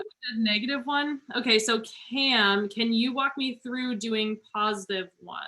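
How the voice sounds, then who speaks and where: A woman with a bright, forceful voice tutors students through a math problem. She is encouraging and talks through each step slowly and plainly. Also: a little high, slight background noise, rough recording. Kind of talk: online tutoring session.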